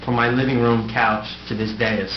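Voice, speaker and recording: With music in the background, a middle-aged outgoing mayor speaks from the council dais, giving a prepared farewell laced with wry, self-deprecating humor. His mid-range voice shows little pitch movement at normal speed, and the room recording sounds echoey, dull and noisy.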